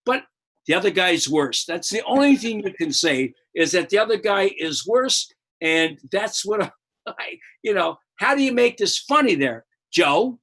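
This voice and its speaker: A man's voice: high-pitched, very animated, a little slow, fairly bright tone. An older American man, a comedian hosting a live show, ranting about politics in a profane, rambling, heated way with many restarts.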